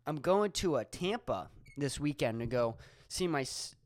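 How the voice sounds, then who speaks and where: A man's voice: a little high, expressive, moderate pace, dry recording. A young man from Pennsylvania, a stand-up comic hosting his own podcast, rambling casually with lots of swearing and fillers. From Erie, Pennsylvania. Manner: rambling, profane, filler-heavy. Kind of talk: casual solo podcast monologue.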